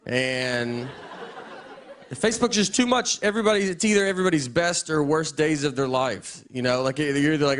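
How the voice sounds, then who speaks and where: A middle-aged man doing a stand-up comedy set in a deadpan, halting style, with many restarts. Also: fairly high pitch. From Tennessee. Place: live comedy venue. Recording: live set with crowd laughter and noise.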